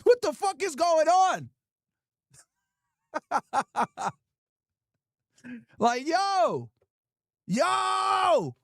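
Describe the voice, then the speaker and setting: Guy ranting on his stream, high animated voice, crude and mocking, dry close sound. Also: drawn-out words, creaky, long pauses, no echo. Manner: crude, mocking, laughs often. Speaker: livestream host. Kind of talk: casual reaction commentary.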